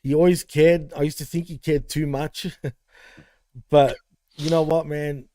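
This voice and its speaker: A man's voice: fairly high pitch, steady tone, slow, dark tone, no room sound. A man co-hosting a wrestling podcast, paying a rambling, heartfelt tribute to a late friend, full of fillers. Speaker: podcast co-host.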